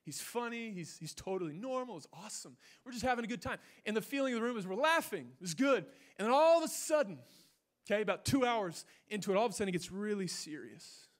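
High-voiced young pastor, swinging loud to hushed. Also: male voice, animated, fast. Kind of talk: sermon with personal story. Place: church stage.

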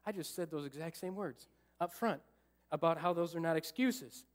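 A man's voice: fairly high pitch, moderate pace. A male pastor preaching a storytelling sermon to his church, acting out his own thoughts with humor. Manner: animated, acts out his own thoughts and jokes with the congregation. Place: church sanctuary.

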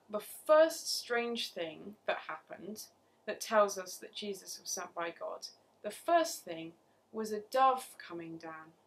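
A woman giving a Bible story talk for children at church, speaking clearly and often asking her young listeners questions. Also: mid-range voice, fairly bright tone.

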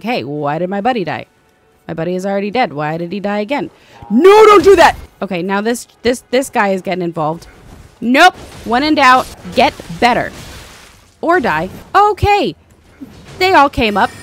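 Excitable young woman gamer. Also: fairly high pitch. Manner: excitable, shrieks and panics during fights. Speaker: gaming streamer. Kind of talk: let's play commentary.

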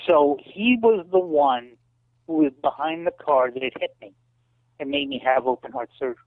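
A man's voice: animated, normal speed, no room sound. A man who is a former kickboxer and wrestling promoter, telling stories as an interview guest and acting out the people he quotes. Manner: acts out quoted voices with big pitch jumps. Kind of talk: animated storytelling in an interview. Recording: tinny phone-like line, dry.

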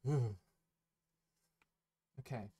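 A man's voice: extremely slow, dark tone. A man giving a casual commentary rant, sarcastic and profane, rambling and correcting himself as he goes. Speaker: online commentator.

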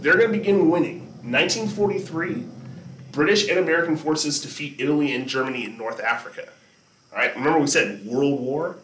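A man's voice: a little high, a bit bright, a little hiss or hum. A man teaching a history lesson over slides in a conversational way, often checking in with his listeners. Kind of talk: classroom lecture over slides. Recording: echoey room, distant mic.

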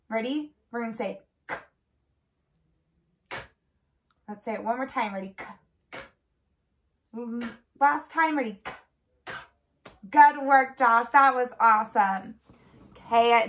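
A woman with a somewhat high voice walks through a speech therapy demonstration. She gives patient, clear step-by-step prompts and praises often. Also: a bit bright. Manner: encouraging with frequent praise. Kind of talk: instructional demonstration.

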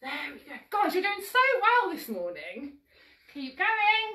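Leading toddlers through a live-streamed action-song class, a woman speaks unhurriedly in a very high, bright, forceful voice with huge pitch swings. She moves as she talks, slightly out of breath, encouraging the little ones in an upbeat sing-song. There's a roomy echo and she sounds far from the mic.

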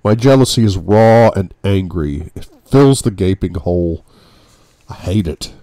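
Deep, dark-voiced male audiobook narrator. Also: lively intonation, no echo. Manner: brooding, measured reading. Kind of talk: first-person audiobook narration.

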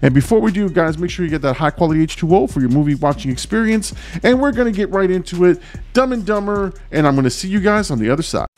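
A man hosting a movie reaction channel, talking in an energetic, chatty way. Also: high voice, quick pace. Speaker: host.

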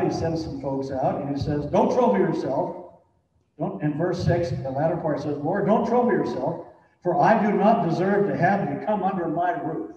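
A man's voice: high voice, warm tone, slight background noise. A man preaching a sermon as pastor, talking in a conversational way with many "you know"s and building to emphatic points. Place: church sanctuary. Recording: echoey church hall from far off, dull sound.

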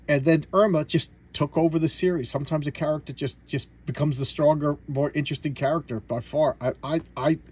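A man's voice: fairly high pitch, a little mellow, slightly rough. A man casually retelling a comic book story in a vlog, rambling with many fillers and restarts. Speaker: comic book collector vlogger.

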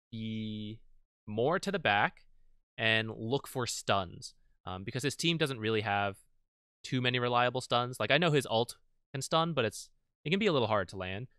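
A man's voice: mid-range voice, bright, forceful tone, smooth, no room sound, studio quality. A man talking casually through recorded matches as a guide creator, explaining team fights with frequent fillers. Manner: conversational, many fillers. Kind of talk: casual gameplay analysis.

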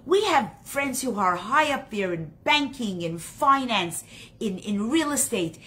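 Bright-voiced woman teaching a Torah class. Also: fairly high pitch, measured pace. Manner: animated, acts out story characters.

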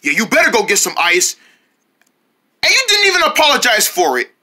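A touchy pet fox in a homemade skit whines and sulks over every slight, played by the same person who narrates. The voice is bright and sharp, and it swings widely up and down in pitch. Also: huge pitch swings, fairly quick, exaggerated voice. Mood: sulky. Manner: whiny and easily offended.

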